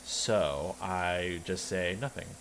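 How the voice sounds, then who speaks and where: Guy streaming, lowish voice, rambles and restarts a lot, bit of faint noise behind him. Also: slow, fairly bright tone. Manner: rambling, self-interrupting, wry. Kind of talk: casual storytelling chat.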